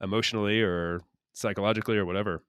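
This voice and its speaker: A man hosting a podcast interview, talking in a relaxed way with plenty of "like" and "um". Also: lowish voice, rapid-fire, clear, resonant tone, no echo. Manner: relaxed, many fillers. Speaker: podcast host. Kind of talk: casual interview chat.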